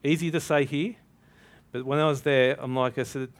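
A man preaching a sermon, telling a story with animated energy and acting out both sides of the dialogue. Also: medium pitch, normal speed.

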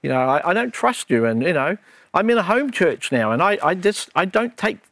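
A man's voice: high-pitched, very animated, normal speed, fairly bright tone, no echo, pitched above the performer's own voice, exaggerated voice. Man putting on a sulky, suspicious churchgoer with a raised, whiny voice. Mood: indignant. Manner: whiny, self-righteous.

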